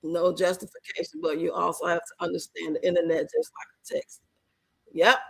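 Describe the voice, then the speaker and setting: A woman from Chicago with a Chicago accent, hosting a livestream and answering her chat in an animated, outspoken way. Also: fairly low pitch, brisk, vocal fry, husky, no room sound, low-quality recording. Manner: animated, outspoken, emphatic, talks back to the chat. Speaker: livestream host. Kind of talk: livestream chat reacting to comments.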